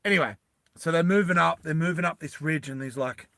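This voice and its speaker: Animated rambling man telling a story. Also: on the high side, a little fast, gravelly, no room sound. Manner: rambling, animated, many restarts. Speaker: streamer pitching a film story. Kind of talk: casual storytelling to a live chat.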